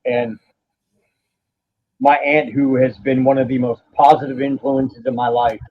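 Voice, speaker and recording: A man, a podcast guest telling a painful personal story in a halting, profane way, stopping now and then to steady himself. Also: mid-range voice. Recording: dull lo-fi audio.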